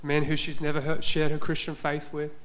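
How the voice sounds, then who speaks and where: A male pastor gives a sermon in a church, speaking earnestly as he tells a story. His voice sits a little high for a man. He keeps a narrow, level pitch throughout. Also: monotone, fairly quick, a bit bright.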